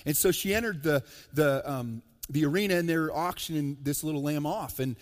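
A slightly high-voiced man preaches a sermon in a church sanctuary, animated and quick to joke. He swings between loud, emphatic lines and soft, low asides. His voice trails off into the long reverb of a large hall. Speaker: pastor.

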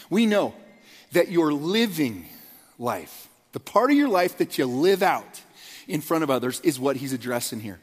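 A man's voice: fairly high pitch, sing-song, moderate pace, slightly rough. A man giving a conversational, earnest sermon as a pastor, with frequent fillers and restarts. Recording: long hall reverb.

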